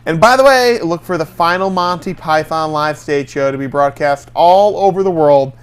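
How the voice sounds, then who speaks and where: Smooth-voiced man reading news. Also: fairly high pitch, moderate pace. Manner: reads headlines aloud, stumbles through mental math. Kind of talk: casual entertainment news chat.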